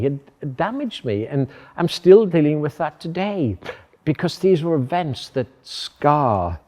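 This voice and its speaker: A man giving an earnest, measured sermon as a pastor, with thoughtful pauses. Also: fairly high pitch, a little mellow. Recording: echoey hall.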